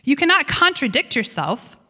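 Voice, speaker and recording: A woman's voice: sits high, sing-song, moderate pace, pushed and bright, long reverb tail, pitched above the performer's own voice, full character voice. A woman reading aloud as a fearful young female pilgrim, pleading and despairing as she questions her guide.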